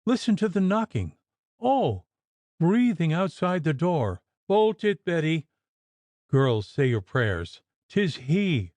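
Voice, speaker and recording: A man voicing a terrified, delirious little woman who cries out in shrill, frantic bursts. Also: big pitch swings, slow pace, a little mellow, no room sound.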